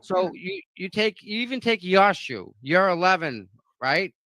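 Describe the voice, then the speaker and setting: A man's voice: high voice, big pitch swings, measured pace, crowd noise. A man with a Boston accent, a guest on a casual livestream, talking emphatically and repeating points for punch.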